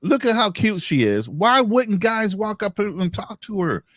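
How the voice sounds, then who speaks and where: A man's voice: high-pitched, lively intonation, measured pace, fairly bright tone, dry recording. A man hosting a podcast, ranting with heated disbelief in casual chat. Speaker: podcast host.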